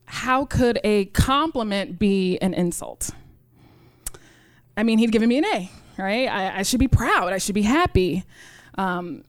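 A woman's voice: medium pitch, no echo, clean studio sound. A woman chemistry teacher with a New York accent, telling a personal story on stage in an earnest way, often asking "right?" and saying "you know". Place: stage at a live story event.

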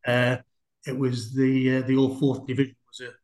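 A man's voice: medium pitch, completely flat delivery, moderate pace, darkish tone. A man, a former footballer telling rambling anecdotes in an interview. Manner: chatty, rambling, with many fillers. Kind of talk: anecdotal storytelling in a conversation. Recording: roomy echo.

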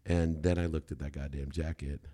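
Very deep-voiced man telling his story. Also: brisk. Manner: emphatic, animated when quoting himself. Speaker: podcast guest. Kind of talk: candid storytelling interview.

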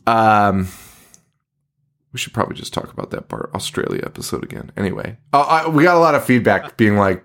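A man's voice: fairly low pitch, lively intonation, fairly quick, a bit bright. A man co-hosting a podcast in casual chat about a movie, swearing often and laughing a lot. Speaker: podcast co-host.

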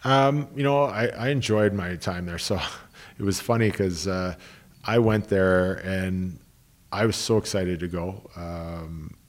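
A man's voice: low-pitched, takes it slowly. A man, a hockey coach, telling long anecdotes in an interview, restarting sentences and quoting people he worked with. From Canada. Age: 30s. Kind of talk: interview storytelling.

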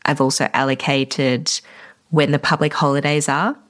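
A woman's voice: sits low, flat delivery, moderate pace. A woman, a wedding photographer hosting a solo podcast, talking reflectively and encouragingly to fellow vendors. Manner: reflective, encouraging, a little emotional at times.

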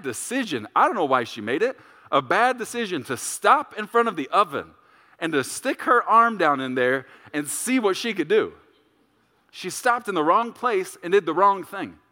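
A middle-aged male pastor preaching a sermon, telling a story and acting out voices with big jumps in pitch and volume. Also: bright, forceful tone, in a large hall.

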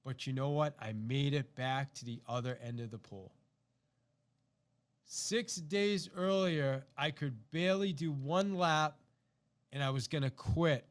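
A man's voice: a little high, a little slow. A middle-aged man, a podcast host, telling a personal story to listeners and acting out the quotes. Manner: animated, acts out quotes, repeats himself.

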